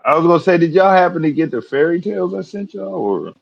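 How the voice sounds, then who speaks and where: A man's voice: a little high, expressive, quick pace, gravelly, no echo, highs cut off. A man who is a guest musician, chatting casually in a laid-back, polite way. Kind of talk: casual chat.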